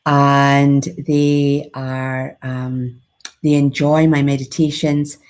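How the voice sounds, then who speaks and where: A woman's voice: extremely low pitch, little pitch movement, drawn-out words, a little mellow. A Scottish woman who teaches mindfulness, giving a reflective spiritual talk in an earnest, musing way with frequent restarts.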